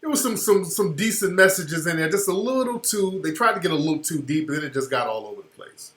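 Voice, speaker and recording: High-voiced guy radio host going off over a clip, emphatic, echoey room. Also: lively intonation, fast talker. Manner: emphatic, slangy, rising loud when worked up. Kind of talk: opinionated commentary over a video clip. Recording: roomy echoey sound.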